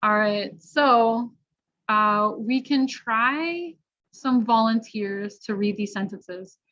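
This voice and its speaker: A woman leads a pronunciation lesson, sounding out each word slowly and carefully. Her voice sits a little high. The audio is dull and lo-fi. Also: a bit bright. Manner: slow, deliberate, models sounds carefully. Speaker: pronunciation teacher. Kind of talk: online pronunciation workshop.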